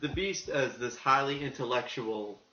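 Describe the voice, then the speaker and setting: A man co-hosting a casual podcast, talking in an animated, rambling way and acting out the quotes he tells. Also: medium pitch, moderate pace, a little hiss or hum. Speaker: podcast co-host. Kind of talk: casual chat. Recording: muffled, echoey room.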